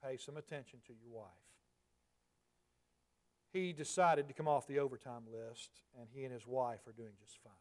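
A man in his forties preaching a sermon in a conversational way, dropping to soft, emphatic asides. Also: mid-range voice. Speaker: pastor.

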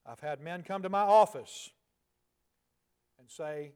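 A man in his forties preaching a sermon in a conversational way, dropping to soft, emphatic asides. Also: a little high, measured pace, long pauses, clear, resonant tone. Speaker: pastor.

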